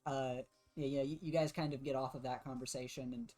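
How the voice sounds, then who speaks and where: A woman running a tabletop game in a low voice, narrating casually with plenty of fillers. Faint music plays underneath. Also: fairly even intonation, brisk, warm tone. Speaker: game master.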